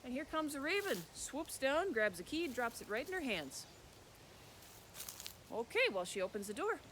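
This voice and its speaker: A man telling a folk tale as a storyteller, animated, with sound words. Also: extremely high pitch, normal speed, slight background noise.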